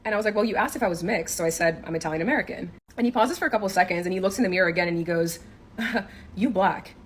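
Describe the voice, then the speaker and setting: A young woman from Senegal telling a story in a quick, exasperated vlog rant, full of "like" fillers. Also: fairly low pitch, a little hiss or hum. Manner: fast, exasperated, many "like" fillers.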